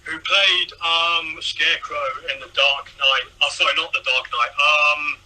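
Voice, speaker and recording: Very bright-voiced young man rambling. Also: fairly high pitch, fairly even intonation, a little slow, low-quality recording. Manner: chatty, wanders through trivia with many ums and restarts. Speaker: movie review co-host. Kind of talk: casual chat.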